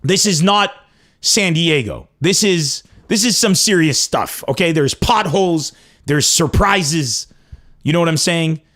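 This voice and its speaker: A man from Lebanon telling a crude comic story with animated, profane emphasis. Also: a little high. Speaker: comedian host. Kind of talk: comedic storytelling.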